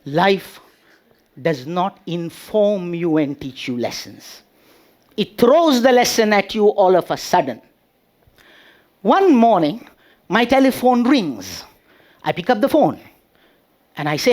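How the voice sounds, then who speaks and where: Slow, deliberate comic speaker, man. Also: very high-pitched, very animated. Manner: slow, drawn-out delivery with punchline pauses. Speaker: speech contest speaker. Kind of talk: humorous motivational speech.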